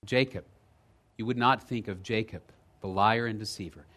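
A man preaching a sermon as pastor, telling a story with lively energy, dropping low and quiet for emphasis and rising loud in the retelling. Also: normal speed. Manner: lively storytelling, checks in with "right?".

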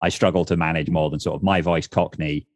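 A man's voice: rumbling low, brisk, no echo, clean studio sound. A man chatting casually about tabletop games, rambling and correcting himself as he goes. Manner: rambling, self-correcting, animated.

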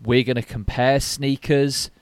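A man's voice: mid-range voice, steady tone, a little slow, dry recording. Brief: male podcast co-host, young adult, casual and joking, dry close mic. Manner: chatty, jokey, rambling with fillers.

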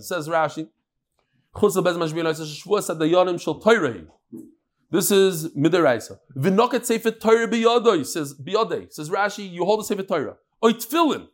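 A man teaching a daily Talmud class, mixing Hebrew and Aramaic terms into lively English explanations. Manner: animated, jumping pitch and pace.

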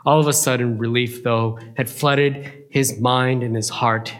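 A man telling a playful story as a children's Bible lesson, with a lively, chuckling delivery. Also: medium pitch, unhurried.

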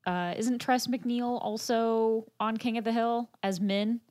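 A woman chatting on a podcast panel, throwing in quick asides. Her voice sits close to the mic in a dry space. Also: on the high side, fairly even intonation, a little mellow, no room sound. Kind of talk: casual chat.

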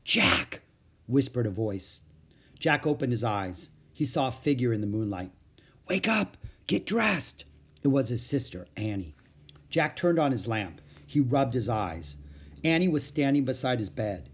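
A man reading a children's chapter book aloud, narrating gently and expressively. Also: medium pitch, expressive, moderate pace, breathy edge. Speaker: audiobook reader. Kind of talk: storybook read-aloud narration.

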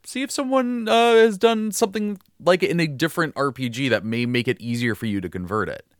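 A man's voice: a little high, fairly quick, clean tone, no echo, clean studio sound. A young man co-hosting a casual podcast chat about tabletop games, laughing often and restarting sentences. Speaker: podcast co-host.

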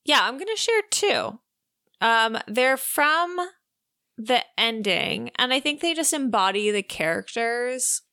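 A young woman with a bright, forceful voice talks casually and frankly about a book, peppering her speech with "like" and the odd swear word. The recording is close and dry with no room sound. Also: a little high, animated, takes it slowly, dry recording. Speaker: book podcast co-host. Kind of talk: casual chat.

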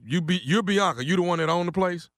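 A man calls in to rant, blustering and repeating his complaint. His voice is high and tense, and it sounds dry and close. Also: fast, a bit bright, no echo. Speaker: angry caller. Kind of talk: ranting phone call.

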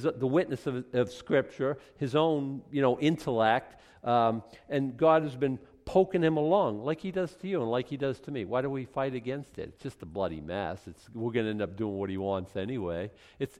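A man's voice: medium pitch, darkish tone. A male pastor with a Boston accent, preaching a conversational sermon full of rhetorical questions and self-corrections.

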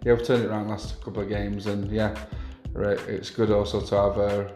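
A man co-hosting a casual football podcast, easygoing and halting, with frequent fillers. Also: fairly low pitch, flat delivery, dark tone, echoey room, soft background music. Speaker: podcast co-host.

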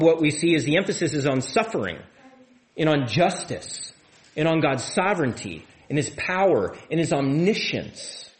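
A man preaching a sermon as pastor of a church, in a conversational way, often repeating and restarting words. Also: fairly high pitch.

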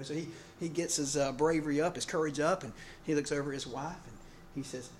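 A male preacher with a fairly high voice, talking to his congregation in a loose, rambling style full of fillers and restarts. He sounds like he is speaking in a church hall. The room adds a lot of echo, with a faint ambient hum underneath. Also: brisk, hardly any pauses. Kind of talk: sermon with humorous stories.

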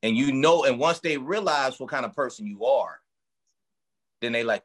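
Animated and medium-pitched, a man speaks at a moderate pace in a casual interview. As a strength and conditioning coach for boxers, he explains his work with vivid, emphatic analogies.

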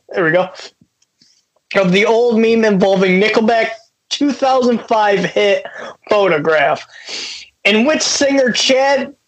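A man's voice: sits high, fairly bright tone, low-quality recording. A man co-hosting a casual podcast, reading a news story aloud and breaking into laughter. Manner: laughs through his reading, keeps breaking up. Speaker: podcast co-host.

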